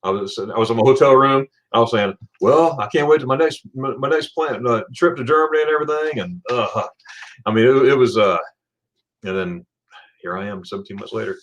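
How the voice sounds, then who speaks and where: A man's voice: medium pitch, a little fast, a bit bright. Chatty man hosting a livestream. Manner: chatty, stumbling restarts, reads chat comments aloud. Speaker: livestream host. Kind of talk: casual livestream chat.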